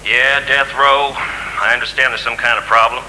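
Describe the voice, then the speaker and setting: A man's voice: mid-range voice, steady tone, moderate pace, pushed and bright, slight background noise, poor audio. An actor playing a blunt, sarcastic male Death Row officer with an American accent, in a 1990s TV sitcom. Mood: sardonic.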